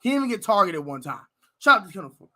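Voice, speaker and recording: An American man hosting a fan live stream, ranting loudly about his team's players and shouting at times. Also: high-pitched, racing. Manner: loud, animated ranting, shouting and laughing. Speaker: sports fan show host. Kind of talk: heated live-stream rant.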